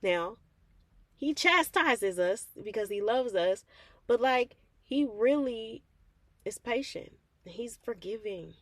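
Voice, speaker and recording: Woman host telling her faith story, heartfelt, calls you baby, higher voice. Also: expressive, takes it slowly, dry recording. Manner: conversational and heartfelt, calls listeners "baby", acts out quoted prayers. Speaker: host of a faith reflection channel. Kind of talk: personal faith testimony, casual chat.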